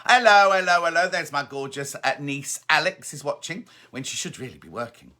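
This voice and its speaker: Host, middle-aged man: bright, slightly high voice, friendly chatter over viewer greetings. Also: expressive, fairly quick. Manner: chatty, reads greetings aloud and chats back. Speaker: host of a live stream. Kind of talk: casual live-stream chat reading viewer comments.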